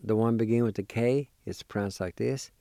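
A man teaching a vocabulary lesson, patiently spelling out each word letter by letter and pronouncing it slowly. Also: mid-range voice, mellow, dry recording. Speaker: language teacher. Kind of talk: slow spelling and pronunciation lesson.

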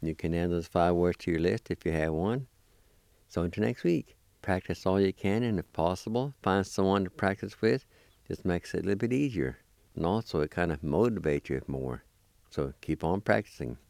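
A man giving a deliberate language lesson, spelling and pronouncing each word, repeating it slowly. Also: low-pitched, creaky, darkish tone, no room sound. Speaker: language teacher. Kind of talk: slow spelling and pronunciation lesson.

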